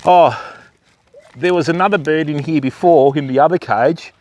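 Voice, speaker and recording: With slight noise in the background, an Australian man speaks at a fairly high pitch and normal speed, his tone darkish. He's live streaming outdoors from a wildlife park, chatting to viewers and addressing the animals in a raised voice.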